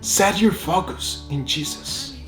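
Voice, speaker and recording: A man's voice: high-pitched, very animated, takes it slowly, echoey room, over music. A man casually retelling a Bible passage and giving a short devotional, speaking informally and using "like" often, with non-native phrasing.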